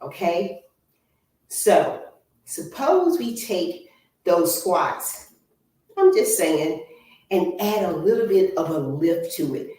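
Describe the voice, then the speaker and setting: A woman fitness instructor guides a workout at an unhurried pace, counting down reps and coaching posture with steady encouragement. Her voice sits a little away from the mic. The room around her rings with heavy echo. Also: lowish voice, a little hiss or hum. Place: home exercise room. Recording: echoey room, voice from far off.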